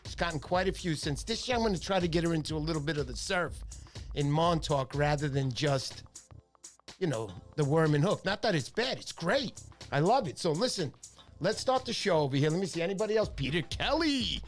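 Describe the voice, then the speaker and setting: A man hosting a casual fishing livestream, chatty and animated, with a stuffy nose from a cold. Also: fairly high pitch, a little fast, soft background music. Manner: chatty storyteller, animated impressions.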